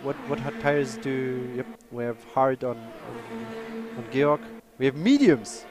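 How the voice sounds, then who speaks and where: A man who speaks natively, chatting and commentating a live sim race, excitable and apologetic. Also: mid-range voice, slow, background noise. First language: German.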